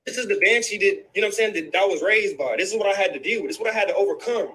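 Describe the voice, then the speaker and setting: A man's voice: high-pitched, rapid-fire, bright, forceful tone, poor audio. A man in a heated, profane rant, angry and repeating himself, tossing in "bro" again and again. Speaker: guest in a livestream clip.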